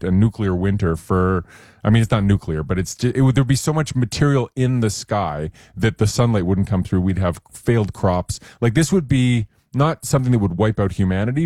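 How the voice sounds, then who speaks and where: Radio science guest, male, low mellow voice, casual explainer, dry mic. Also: dry recording. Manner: casual, explanatory, chatty with small jokes.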